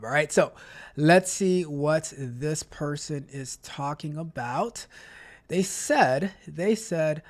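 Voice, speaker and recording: A man's voice: fairly high pitch, animated, slow, faint music behind. A man hosting a live stream, chatting casually, reading out chat messages and repeating himself as he talks. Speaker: livestream host.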